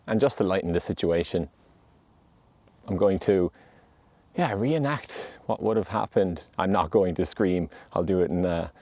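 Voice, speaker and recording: A man with a low, mellow voice speaks earnestly and reassuringly, as a podcast host delivering a heartfelt monologue. He is outdoors on a mountain, and the sound is close and dry. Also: a little slow, no room sound.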